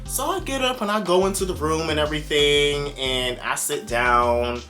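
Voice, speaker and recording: A young man telling a personal story to his viewers in a casual, animated way, exclaiming often and talking to the audience directly. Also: on the high side, normal speed, soft background music. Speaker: storytime vlogger.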